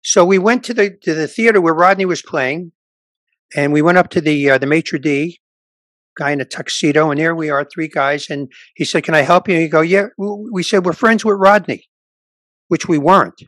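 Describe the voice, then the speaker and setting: In a casual interview, an older stand-up comedian with a voice on the high side recounts anecdotes at a moderate pace. He's lively and does voices for the people he quotes, with no room sound in the recording.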